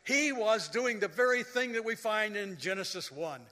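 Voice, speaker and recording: A man preaching a sermon as a pastor, telling stories slowly and rising to loud, dramatic quoted lines. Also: high-pitched, animated. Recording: long hall reverb.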